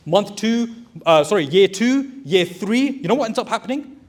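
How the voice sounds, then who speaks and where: Male, 30s, high voice, motivational speaker, plain-spoken and pushy. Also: lively intonation, moderate pace. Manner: direct, exhorting, addresses audience as brothers. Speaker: motivational speaker and recruitment business owner. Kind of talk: motivational talk to a live audience.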